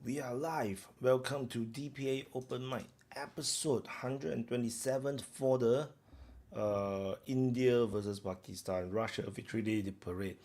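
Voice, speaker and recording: Gravelly man hosting a rambling stream. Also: mid-range voice, a little slow, darkish tone. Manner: rambling, lots of fillers and restarts, chatting with viewers. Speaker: live stream host. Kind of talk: casual live stream chat.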